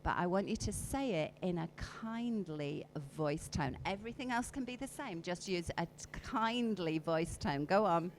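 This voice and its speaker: A woman's voice: fairly low pitch, expressive, moderate pace, hardly any pauses, a little hiss or hum, poor audio. A woman giving a live workshop talk, coaxing her audience through exercises and acting out emotions with her voice. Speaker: conference speaker. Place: conference hall.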